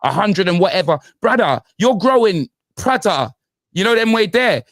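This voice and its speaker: A young man, a guest pundit on a football panel, teasing the others loudly in street slang. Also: sits high, big pitch swings, normal speed, no echo, studio quality. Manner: teasing, loud, street slang, repeats "blood". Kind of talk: animated football panel banter.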